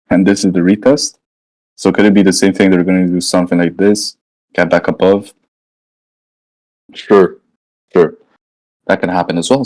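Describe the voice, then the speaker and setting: Poor audio carries a man's low-pitched, darkish voice. He's a trading educator going over charts live, speaking casually with slang, thinking aloud and repeatedly checking in with "right?"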